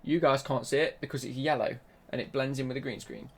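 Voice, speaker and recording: A man's voice: medium pitch, fairly even intonation, fast. A young man chatting casually on a live stream while he plays, bantering and answering his chat.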